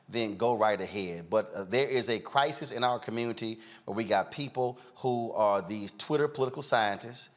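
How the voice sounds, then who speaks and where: Casting: outspoken male host, combative rants, mid pitch. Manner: blunt, combative, animated rants with filler "uh". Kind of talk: outspoken talk show commentary.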